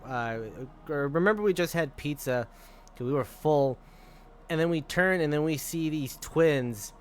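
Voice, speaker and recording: A young man streams while gaming, casually rambling through a story, laughing a lot and swearing. His voice is fairly high and clean-toned, delivered a little slowly.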